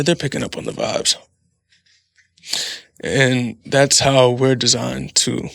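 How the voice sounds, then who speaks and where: A man's voice: mid-range voice, creaky, fairly bright tone, no echo. A man in his thirties hosting a casual solo podcast, rambling and swearing freely with frequent laughs. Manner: profane, laughing, rambling storyteller. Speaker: podcast host.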